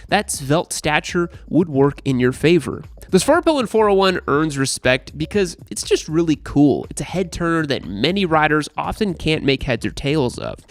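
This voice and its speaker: A young man hosting a motorcycle channel, reading a scripted review with wry, sarcastic humor over faint background music. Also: fairly high pitch.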